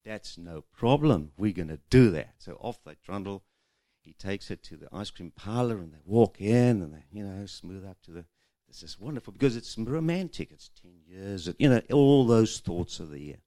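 A man's voice: lowish voice, animated, normal speed, warm tone, dry recording. Chatty man teaching at a whiteboard. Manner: chatty, storytelling, acts out quoted voices. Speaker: marriage seminar speaker. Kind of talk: teaching talk with whiteboard and stories. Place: room with a whiteboard.

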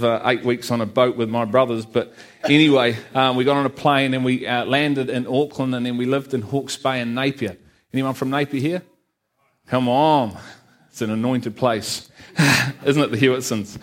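Church testimony: middle-aged man, Liverpool accent worn soft by years in New Zealand, earnest and chatty, fillers, mid-pitched. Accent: Liverpool (Scouse), softened by New Zealand. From Liverpool, England. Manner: conversational and earnest, many "you know" and "um" fillers, light humour. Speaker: guest speaker giving testimony. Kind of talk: personal testimony to a church congregation. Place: church hall with a live congregation.

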